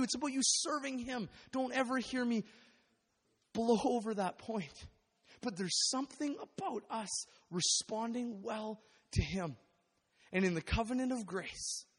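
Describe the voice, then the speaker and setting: A man preaching a sermon, animated and acting out the voices of the people in the story. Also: high voice, slightly rough. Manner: animated, acts out biblical voices. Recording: long hall reverb.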